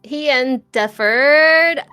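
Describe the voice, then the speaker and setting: A high-pitched woman chats casually as a podcast guest. She giggles often and keeps a playful, bubbly flow, with faint music in the background. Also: extremely slow, sharp tone. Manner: giggly, chatty, laughs often. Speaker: guest vtuber.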